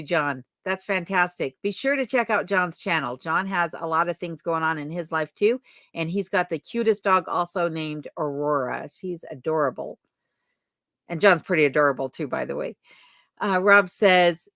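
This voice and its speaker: A woman hosts a casual live Q&A and greets her viewers one by one. She reads their comments aloud in a friendly, chatty way. Her voice sits a little low and sounds dry and close. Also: a bit bright, no room sound. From lives in Alaska. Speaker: livestream host.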